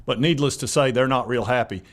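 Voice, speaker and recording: A man's voice: mid-range voice, fairly quick, a bit bright. Rambling man talking college football. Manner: rambling, conversational, many fillers. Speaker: sports talk channel host. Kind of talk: casual sports commentary.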